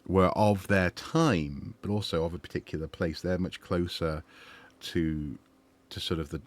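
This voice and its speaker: A man's voice: deep voice, a little slow. A man streaming a game, chatting and musing with lots of fillers and restarts. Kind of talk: gaming livestream commentary.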